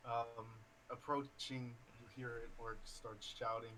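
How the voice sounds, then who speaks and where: A man narrating as game master of a tabletop game, relaxed and full of fillers. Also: mid-range voice, unhurried, few pauses, slight background noise, poor audio.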